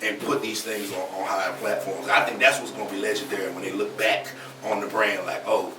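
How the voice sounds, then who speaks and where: Fast, laid-back man. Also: on the low side, level tone, noisy background. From Atlanta, USA. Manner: laid-back, keeps saying "you know what I'm saying". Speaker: guest, record label head. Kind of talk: casual interview chat. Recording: echoey room, mic at a distance.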